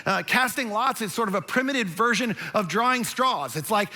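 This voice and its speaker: A man preaching a sermon as a pastor, telling a story with animated emphasis and speaking softly and earnestly when he turns to his listeners. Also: high voice, moderate pace, few pauses. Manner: drops to a soft, earnest tone when addressing listeners directly.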